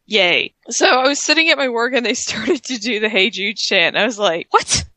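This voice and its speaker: A woman's voice: on the high side, expressive, a little fast, pushed and bright, no echo. A woman co-hosting a casual podcast, talking in a chatty, enthusiastic way. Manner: chatty, enthusiastic, trails into repeated phrases. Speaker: podcast co-host. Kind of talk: casual chat.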